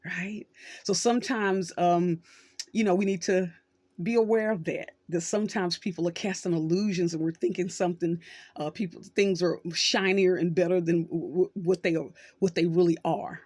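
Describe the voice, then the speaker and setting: A woman's voice: fairly low pitch, fairly even intonation, normal speed, darkish tone, no room sound. A middle-aged woman hosting her channel, talking casually and telling a story with acted quotes. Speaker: social worker and channel host. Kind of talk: casual talk to camera.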